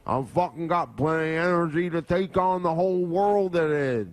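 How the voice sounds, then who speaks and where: A man putting on a crude, boastful crank who rambles and swears through every line, his voice sitting a little high. The sound is dry and close, with no room around it. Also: normal speed, dry recording, lightly acted. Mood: ranting. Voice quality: foul-mouthed, rambling. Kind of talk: prank impression on radio.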